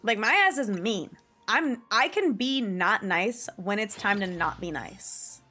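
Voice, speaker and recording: While gaming on stream with soft background music, a young woman from the New York / New Jersey area chats casually with viewers, swearing freely and often laughing. She speaks at a measured pace in a bright, forceful, medium-pitched voice with lively intonation.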